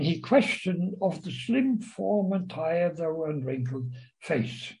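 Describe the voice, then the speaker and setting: A man lecturing on a novel, reading passages aloud and commenting on them in a slow, halting way with frequent pauses and fillers. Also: on the high side, lively intonation, gravelly, a little mellow, rough recording. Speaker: literature lecturer.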